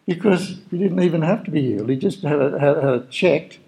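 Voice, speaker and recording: A man's voice: a little high, a little fast, creaky, hardly any pauses, darkish tone, poor audio. A man preaching a sermon in a conversational, storytelling way, acting out the dialogue of the people he describes. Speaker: pastor.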